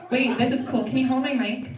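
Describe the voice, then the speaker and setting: Lady doing a scatterbrained southern kid star, giggly and rambly, kinda high voice, live improv, loud crowd. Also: steady tone, brisk, lightly acted. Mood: flustered giddy. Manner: rambling, flustered, giggly, trails off mid-sentence. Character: giddy scatterbrained girl child star, obsessed with toys. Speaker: improv performer. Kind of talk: live improv comedy character. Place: theatre stage. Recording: echoey stage, distant mic, loud audience.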